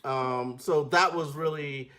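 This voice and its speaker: A man giving a casual film review in a slangy, animated way, often acting out scenes. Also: a little high, takes it slowly.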